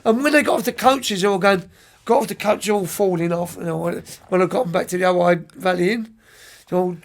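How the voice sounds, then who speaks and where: A middle-aged soccer coach with a notably high-pitched voice tells stories in an interview. He talks in lively, rambling runs, trips over his words and restarts often, clearly enjoying the memory. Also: fairly quick. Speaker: youth soccer coach, podcast guest. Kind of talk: anecdotal storytelling in an interview.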